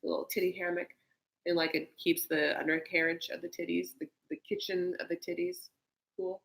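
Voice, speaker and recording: A woman's voice: lowish voice, little pitch movement, brisk, gravelly, rough recording. A woman hosting a casual reality-TV recap chat, chatty and campy, slipping into exaggerated voices to mimic people. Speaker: host.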